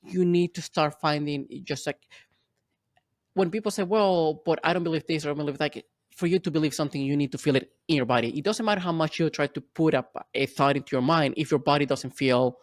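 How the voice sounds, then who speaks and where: A man hosting a podcast interview, speaking haltingly and repeating words as he gathers his thoughts. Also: fairly high pitch, dry recording, clean studio sound. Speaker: podcast host. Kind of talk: conversational interview.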